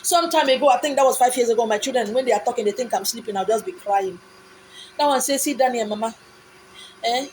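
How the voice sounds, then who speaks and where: A woman's voice: fairly high pitch, fast talker, darkish tone, slight background noise, low-quality recording. A woman with a Nigerian accent giving an impassioned, preachy monologue, full of rhetorical questions and insistent repetition. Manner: repetitive, insistent phrasing with pidgin asides.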